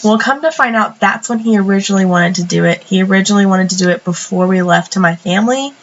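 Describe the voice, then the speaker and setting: A woman's voice: mid-range voice, fast, highs cut off, a little hiss or hum. Chatty young woman, sniffly with a cold. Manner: chatty, rambling, many fillers and restarts. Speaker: planner vlogger. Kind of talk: casual storytelling voice-over.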